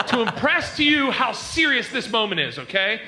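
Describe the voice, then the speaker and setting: High, animated male stand-up comic. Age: young adult. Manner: animated storytelling, yelling punchlines, laughing through the lines. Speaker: stand-up comedian. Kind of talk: stand-up set. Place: comedy club stage. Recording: noisy live club recording.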